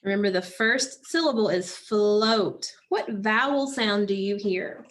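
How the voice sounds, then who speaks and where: A woman teaching a phonics lesson, prompting children patiently and pausing for their answers. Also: medium pitch.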